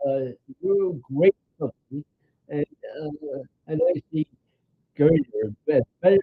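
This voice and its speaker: A grandfather in his nineties speaks with a New York accent and a gravelly, husky voice. He rambles through memories in a halting way, with many filler sounds. The sound is tinny and thin, like a phone line. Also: fairly high pitch, sing-song. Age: 90s. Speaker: interview guest, grandfather. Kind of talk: casual storytelling chat.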